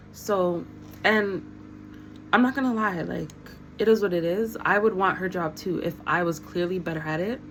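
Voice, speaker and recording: A young woman vlogger telling a workplace story in a casual, animated, slangy way with a lot of laughing. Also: mid-range voice, a little hiss or hum, poor audio.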